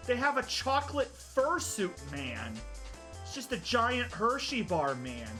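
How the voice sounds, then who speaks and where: A live streamer giving casual reaction commentary, excitable, gushing loudly and then trailing off into mumbles. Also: medium pitch, a little slow. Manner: excitable, swings between loud gushing and mumbling. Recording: clear music under the voice. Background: background music.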